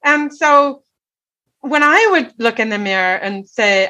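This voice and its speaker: A woman's voice: a little high, a little slow, fairly bright tone. A middle-aged woman telling a personal story in an earnest way, often checking in with "right?". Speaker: guest.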